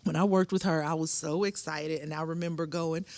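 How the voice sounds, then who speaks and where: A woman's voice: fairly quick, a little hiss or hum. A woman comedian, a podcast guest, telling stories in casual chat and acting out the voices of people in them. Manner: animated, acts out others' voices in big pitch jumps.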